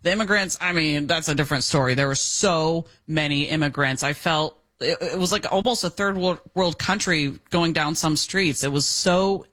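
A woman from the United States chatting casually as co-host of a talk show, animated and quick to laugh. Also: deep voice.

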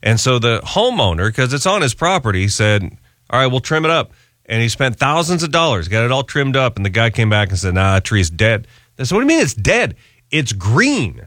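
Radio host, male, lively storyteller, dry close sound. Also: brisk, no room sound. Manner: animated storyteller, acts out squeaky voices. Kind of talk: casual radio chat.

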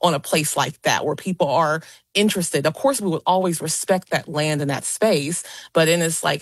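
An animated woman guest talking about haunted places. Her voice is on the low side, and she speaks with lively emphasis and a few restarts. The sound is close and dry. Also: husky, dry recording. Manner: animated, expressive, slightly halting. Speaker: paranormal investigator guest. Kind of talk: radio interview answers. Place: Los Angeles.

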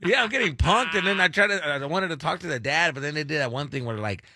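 A man and father chatting casually on a radio show, telling an animated, rambling story and acting out other people's lines. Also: a little high, fast talker, no echo, clean studio sound. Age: adult father. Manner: animated storyteller who acts out quotes, loose and rambling.

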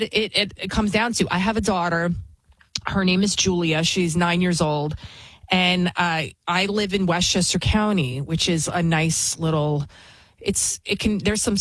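A TV news host with a lowish voice gives a casual spoken monologue in a dry, low-quality recording. She is blunt and opinionated, rambling and frequently restarting her sentences.

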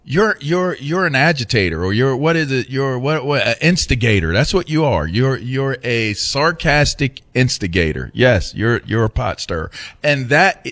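A man's voice: medium pitch, a bit bright, no echo. Radio guy ribbing his cohost, rambly, repeats himself, dry close mic. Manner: teasing, rambling, repeats words. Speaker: sports radio co-host. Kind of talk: casual sports radio banter.

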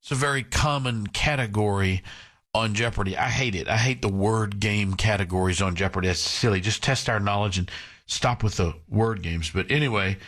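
A man hosting a casual radio chat, talking in halting restarts and telling dry corny puns. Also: fairly low pitch, fairly bright tone.

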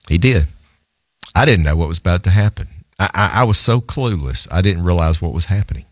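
A male lawyer telling a story in an animated, self-amused way, laughing often as he talks. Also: on the low side, dry recording, clean studio sound.

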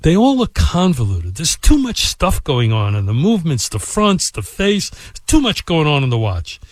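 A man hosting a show and telling a personal work anecdote in an expressive, animated way. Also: fairly high pitch, normal speed, no room sound. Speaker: podcast host and storyteller. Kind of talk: anecdotal storytelling.

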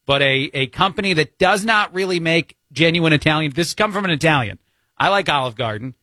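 Talk radio fill-in host, Jersey man, slightly high voice, opinionated and chatty. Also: expressive, fairly quick, sharp tone, no room sound. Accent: New Jersey. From New Jersey. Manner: opinionated, chatty, with many fillers.

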